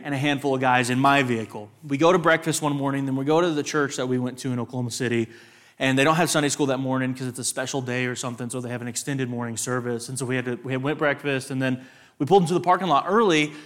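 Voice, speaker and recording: A young man with a West Texas accent, a guest speaker telling lively personal stories at church and putting questions to the audience. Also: a little high. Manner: animated storyteller, asks the audience questions.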